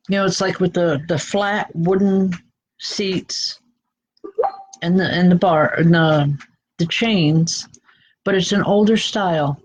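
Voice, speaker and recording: A woman hosting a call-in show, giving spiritual readings in a halting way, often restarting her sentences. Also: medium pitch, a little mellow, rough recording. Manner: halting, frequent restarts and self-corrections. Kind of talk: live psychic reading.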